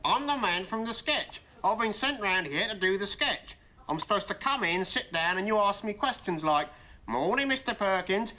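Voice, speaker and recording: A comedy performer playing a confused man in a raincoat, talking in a silly high-pitched voice. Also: lively intonation, normal speed, pushed and bright. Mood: bewildered. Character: bewildered man from the sketch, fussy and lost. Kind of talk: sketch comedy acting.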